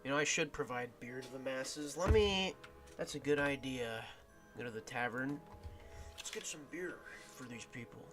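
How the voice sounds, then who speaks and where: A man's voice: mid-range voice, normal speed, over music. A man streaming a game in casual commentary, thinking aloud and often trailing off and restarting.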